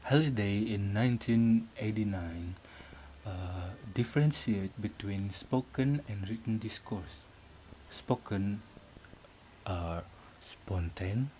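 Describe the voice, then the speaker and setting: Guy presenting slowly, lots of uhs, dark mellow voice, faint room hum. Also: on the low side, poor audio. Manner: hesitant, many fillers and restarts. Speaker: student presenter. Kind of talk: academic presentation.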